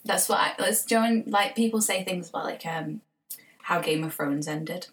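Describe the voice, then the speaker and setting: A woman's voice: fairly low pitch, normal speed, far from the mic, rough recording. A woman co-hosting a casual podcast chat, enthusiastic, swearing and calling her friend "baby". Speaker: podcast co-host.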